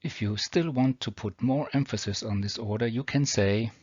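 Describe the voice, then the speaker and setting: A man with a German accent who teaches English grammar, explaining rules slowly and reading example sentences with care. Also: mid-range voice, darkish tone, breathy edge, no room sound. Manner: slow, deliberate, reads example sentences carefully. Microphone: built-in or cheap mic. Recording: dull, dry home recording.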